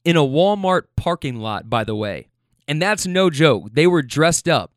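A young man with a slightly higher voice tells a rambling story and acts out each character's lines. His delivery is animated, with laughter breaking in. The recording is close and dry, with no room sound. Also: measured pace, no room sound. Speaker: storyteller recounting a rideshare passenger story. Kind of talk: casual storytelling.

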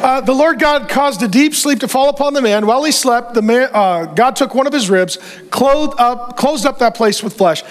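A middle-aged man preaching a humorous sermon, animated and joking, acting out quotes from scripture and his own marriage. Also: very high-pitched. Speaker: pastor.

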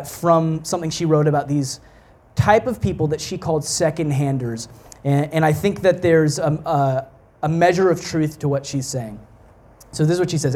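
A young man and guest preacher giving a sermon in a casual, conversational way, with many fillers and restarts, turning soft and low when he prays. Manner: drops soft and low in prayer. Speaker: pastoral apprentice, guest preacher.

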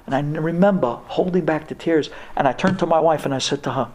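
Man, impassioned storyteller, stammering restarts, fairly high voice, live audience talk. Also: fast, few pauses, darkish tone. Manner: sprinkles religious Hebrew and Yiddish terms. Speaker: speaker telling a personal story to an audience. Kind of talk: emotional personal storytelling talk.

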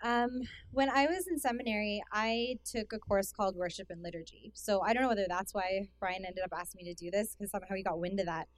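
Young Canadian woman, relaxed conference speaker, chatty and self-deprecating, dry close mic. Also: medium pitch, fairly quick, hardly any pauses, dry recording. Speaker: guest speaker. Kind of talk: casual talk to a youth conference. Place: hall with an audience.

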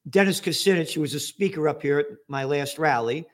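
A man's voice: fairly high pitch, fairly quick. A male host in heated political chat, impassioned and sarcastic.

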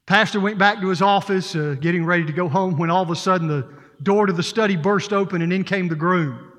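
High-voiced preacher in a reverberant church. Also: male voice, fairly even intonation, fast, a bit bright. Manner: earnest, storytelling, repetitive emphasis. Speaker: interim pastor. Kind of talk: sermon. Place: church sanctuary.

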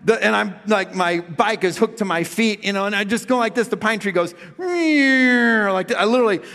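A middle-aged male pastor preaching with comic storytelling, swinging from loud funny voices to quiet reflection. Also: sits high, normal speed, vocal fry. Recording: long hall reverb.

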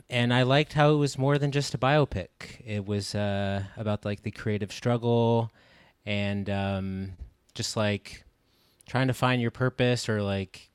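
Low, smooth, laid-back man. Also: dry recording. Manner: laid-back, hesitant, filler-heavy. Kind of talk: casual film-ranking chat.

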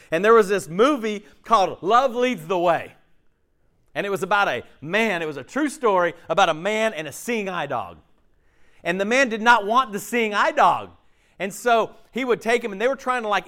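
A middle-aged man, a pastor, preaching a sermon in an animated, conversational way, often checking in with his listeners. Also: high-pitched.

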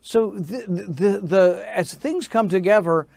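A man's voice: high voice, slow, vocal fry, a little mellow, dry recording. A middle-aged American man who is a senator, telling a story in an interview in an insistent manner that builds to indignation. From United States.

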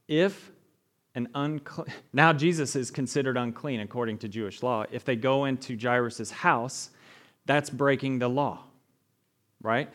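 This man's voice is mid-range and his pacing measured as he gives a sermon in a chatty style. He often asks the congregation "right?" and brings the story's people to life with animated retellings.

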